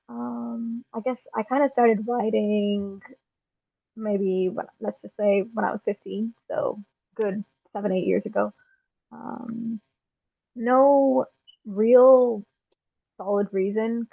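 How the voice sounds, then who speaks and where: A woman's voice: mid-range voice, vocal fry, dry recording. A young woman with an Irish accent, a guest poet chatting casually in an interview, with frequent ums and easy laughter, heard over a remote call. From Ireland. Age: young adult. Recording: tinny phone-like remote call.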